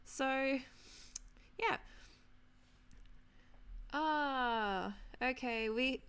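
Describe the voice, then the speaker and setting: A woman's voice: mid-range voice, fairly even intonation, moderate pace, creaky, clear, resonant tone. A young Australian-accented woman streaming a game and chatting casually with viewers, greeting them by name as she goes. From New Zealand, raised in Australia. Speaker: gaming streamer. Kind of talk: casual live-stream chat.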